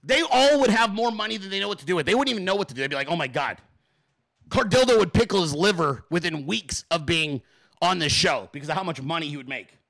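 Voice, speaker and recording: A man hosting his show, swearing constantly and pitching ideas in an excited, rapid-fire comedic rant. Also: gravelly. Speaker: show host.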